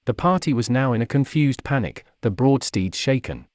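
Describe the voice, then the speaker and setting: Guy reading a fantasy storybook, steady and measured, dry close mic. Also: medium pitch, no echo. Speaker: narrator. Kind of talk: storybook narration.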